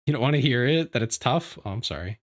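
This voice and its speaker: A man streaming from home, chatting casually with his viewers in a rambling, animated way, often restarting his sentences. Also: mid-range voice, quick pace. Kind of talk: casual livestream chat. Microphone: desk microphone.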